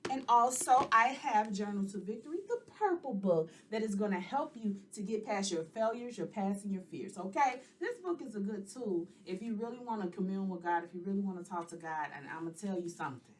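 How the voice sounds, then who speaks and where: A woman in her forties hosting her podcast, talking straight to her listeners in a sassy, animated way. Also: medium pitch, brisk, hardly any pauses, distant mic. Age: 40s. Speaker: podcast host and life coach. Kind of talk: casual podcast monologue.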